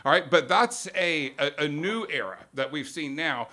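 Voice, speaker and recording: A man's voice: a little high, animated, moderate pace, sharp tone. A man hosting a live stream, explaining media tactics in a casual, emphatic monologue and acting out quotes in mock voices.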